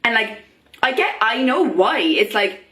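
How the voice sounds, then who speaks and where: A woman's voice: fairly high pitch, big pitch swings, measured pace, sharp tone. A young woman vlogging in a chatty way, full of fillers, acting out the voices of people she quotes. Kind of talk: casual talk to camera. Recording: echoey room.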